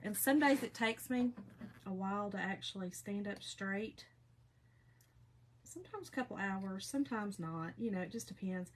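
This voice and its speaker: A woman's voice: mid-range voice, normal speed. A woman, hosting a casual craft livestream and chatting folksily with viewers while she works.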